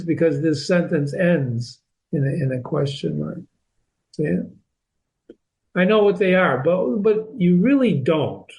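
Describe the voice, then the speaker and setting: A literature teacher and channel host leads a reading lesson, explaining a novel step by step. His voice is high-pitched and unhurried, and he repeats and restarts words to stress key points. The audio is poor.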